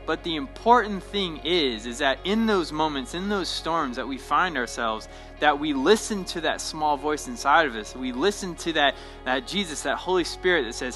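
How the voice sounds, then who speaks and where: A man's voice: a little high, animated, moderate pace, fairly bright tone, soft background music, rough recording. A young man, a pastor, giving a short devotional talk in a casual, conversational way that often checks in with "right?".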